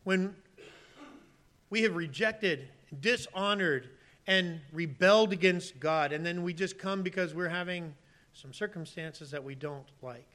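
A man, likely in his thirties, preaching a sermon with lively delivery, acting out pleading voices in sudden loud bursts and then dropping to quiet asides. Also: high voice, a little slow. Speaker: pastor.

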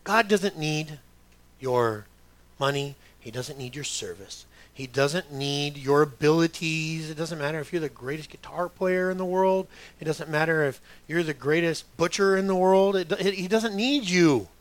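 A man's voice: fairly high pitch, moderate pace. A middle-aged man preaching a sermon as a pastor, talking conversationally with joking asides and putting on other voices.

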